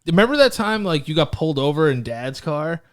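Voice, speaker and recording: A man's voice: on the high side, very animated, a little fast, no room sound, studio quality. A man co-hosting a podcast, chatting casually, reacting and swearing. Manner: laid-back, profane, chiming in and reacting. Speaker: podcast co-host. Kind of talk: casual chat.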